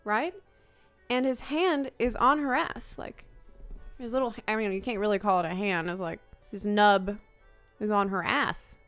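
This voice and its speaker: A woman streamer giving unscripted, wry and playful commentary while touring a game world, cracking deadpan jokes. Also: medium pitch, measured pace, soft background music.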